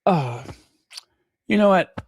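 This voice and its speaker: Man, channel host, casual commentary, unhurried, thinks aloud. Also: high voice, lively intonation, breathy edge, no room sound. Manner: chatty, thinks aloud, reads out viewer comments.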